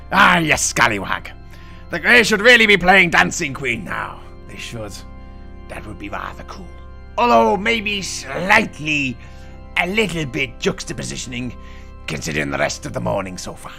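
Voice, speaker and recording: A man's voice: a little high, creaky, sharp tone. A man giving irreverent live commentary in a mock pirate voice, dropping growling asides between jokes. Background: faint music from the broadcast feed.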